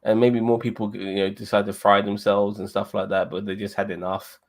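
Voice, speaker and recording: A man's voice: on the low side, little pitch movement, brisk. A man co-hosting a casual TV review chat, rambling and swearing freely, with many "you know what I mean" fillers. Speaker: podcast co-host.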